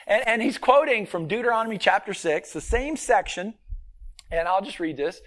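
A male preacher delivers an earnest sermon in a high voice. His pitch moves in lively swings, and he pushes key points loudly before dropping to quiet, personal asides. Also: normal speed.

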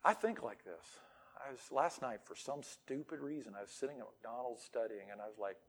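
A middle-aged male pastor preaching a sermon. He swings between loud, emphatic declarations and quiet asides. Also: medium pitch, lively intonation, fairly quick.

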